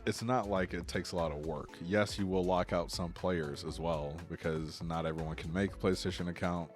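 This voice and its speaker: Deep-voiced man in casual chat. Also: normal speed, soft background music. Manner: laughs often, relaxed and rambling. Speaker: co-host of a gaming news show.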